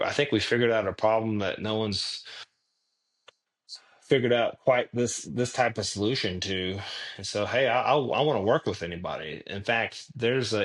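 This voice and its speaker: A man guesting on an interview show, telling stories in an earnest, animated way and often restarting his sentences. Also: fairly low pitch. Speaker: guest, clothing tech founder. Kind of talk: casual interview storytelling.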